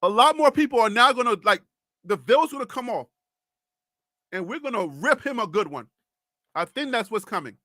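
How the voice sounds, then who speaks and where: A man's voice: extremely high pitch, animated, normal speed, pauses often, bright, forceful tone, dry recording. A man hosting a live sports talk show, speaking in an impassioned, pleading way and repeating himself. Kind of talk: live sports commentary monologue.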